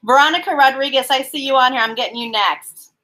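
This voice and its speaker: A woman with a high, bright, pushed voice talks fast over poor audio. She's a tarot card reader hosting a casual live-streamed card reading from her apartment, chatty and giggly, calling out viewers by name.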